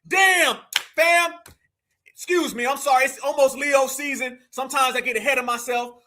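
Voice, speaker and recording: American guy hosting a live commentary rant, yelling and mocking, voice up high and sharp. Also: fairly even intonation, normal speed. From United States. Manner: loud, mocking, often shouting. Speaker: commentary show host.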